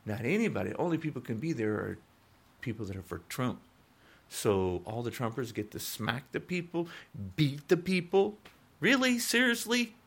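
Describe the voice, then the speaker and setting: Guy about sixty ranting on his podcast, gravelly, pitch jumps all over. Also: fairly bright tone. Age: 60s. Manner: heated, repetitive, swings up in pitch when indignant. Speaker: podcast host. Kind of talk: political rant podcast.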